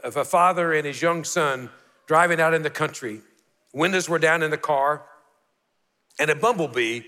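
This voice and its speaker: A man's voice: a little high, sharp tone, long reverb tail. A man in his sixties, a pastor preaching a sermon with earnest storytelling and repeated key phrases. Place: church sanctuary.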